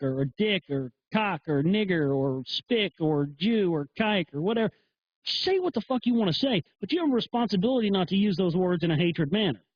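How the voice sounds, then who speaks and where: Male live-stream host, high husky voice, cussing and emphatic, dull lo-fi audio. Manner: profane, emphatic, heated. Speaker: host of a live internet talk show. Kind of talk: ranting monologue.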